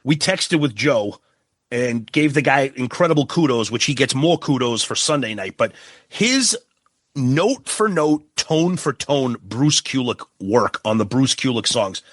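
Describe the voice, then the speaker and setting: A man's voice: mid-range voice, no echo, clean studio sound. A man co-hosting a podcast, chatting casually, backing his partner with short agreements and running through a list. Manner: steady, brisk, frequent short agreements. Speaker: podcast co-host. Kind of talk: casual chat.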